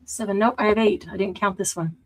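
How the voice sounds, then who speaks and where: A woman's voice: mid-range voice, steady tone, fast talker, rough recording. A woman hosting a casual live-stream craft sale, chatting as she shows items and counts stock.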